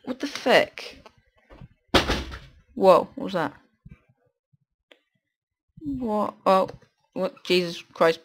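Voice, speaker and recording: A man hosting a gaming video on a headset, chatting casually to himself while he builds, swearing often and breaking into excited bursts. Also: sits high, drawn-out words, pauses often, a little hiss or hum. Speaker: gaming channel host. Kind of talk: casual gameplay commentary.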